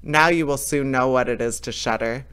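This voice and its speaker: A man's voice: medium pitch, normal speed, fairly bright tone, clear, resonant tone, natural voice. A man reading a storybook aloud, voicing a huge, old, white-bearded monster who boasts and threatens. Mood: threatening.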